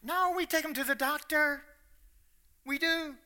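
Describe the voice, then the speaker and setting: Brief: folksy Kentucky preacher, fairly high voice, swings from soft to loud. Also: male voice, a little slow. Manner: animated, folksy, repetitive, swings between quiet and loud. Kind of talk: sermon.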